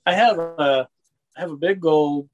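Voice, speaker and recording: A man's voice: a little high, measured pace, darkish tone, dull audio. A man chatting casually, rambling through wrestling memories and laughing often. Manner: rambling storyteller, laughs often, says "you know what I mean". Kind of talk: casual chat.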